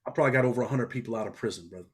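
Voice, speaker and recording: A man's voice: medium pitch, rapid-fire, breathy edge. A middle-aged man from New York, a former prisoner talking bluntly in a casual interview. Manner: blunt, street-talking, animated storytelling.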